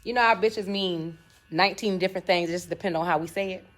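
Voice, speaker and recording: A young woman hosting a casual live chat, animated and laughing, acting out quotes in shifting voices. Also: fairly low pitch, quick pace, faint music behind. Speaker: host.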